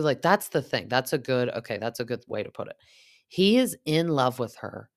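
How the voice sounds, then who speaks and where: A young woman hosting a casual recap podcast, talking in a chatty way full of "like" and sometimes dropping into a hushed aside. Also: low-pitched, animated, normal speed. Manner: chatty, heavy use of "like", drops into a hushed aside now and then. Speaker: podcast host recapping reality TV. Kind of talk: casual chat.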